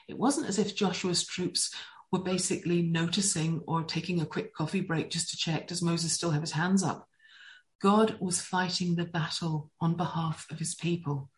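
A woman giving a teaching talk on Hebrew words, enthusiastic and telling stories in a lively way. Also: on the low side, low-quality recording. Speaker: Bible teacher.

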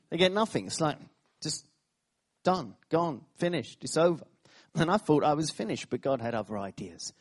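A man's voice: a little high, normal speed, pauses often. A man preaching a sermon, telling stories with laughing asides, repeated phrases and sudden bursts of emphasis. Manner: animated storytelling, laughing asides, repetitions.

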